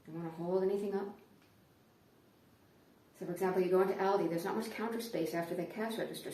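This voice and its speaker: A woman comedian performing a stand-up routine, telling her stories in an animated way. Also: fairly low pitch. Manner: animated storytelling. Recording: roomy, distant mic.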